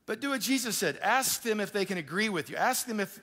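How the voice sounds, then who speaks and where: A male pastor preaching a sermon in a conversational, animated way, with quick asides to the congregation. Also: sits high. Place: church auditorium. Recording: live church hall with long reverb.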